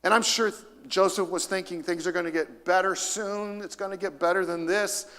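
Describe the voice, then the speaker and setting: A middle-aged man preaches to his congregation, swinging between emphatic high points and quieter asides. He calls out for the room to answer back. The sound rings with the long reverb of a large church hall. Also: normal speed. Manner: lively, rising to emphasis, calls for audience responses. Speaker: pastor. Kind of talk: sermon. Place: church auditorium.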